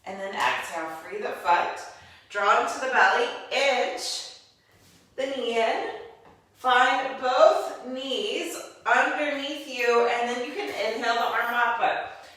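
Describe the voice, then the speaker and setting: A woman teaching a guided yoga class, calmly cueing each move step by step with spiritual encouragement. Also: a little high, slow. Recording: very echoey room, voice from a distance.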